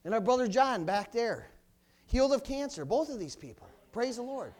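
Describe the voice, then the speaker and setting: A male pastor preaching a loud, fiery sermon in church, punctuated with hallelujahs. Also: very high-pitched, big pitch swings, normal speed.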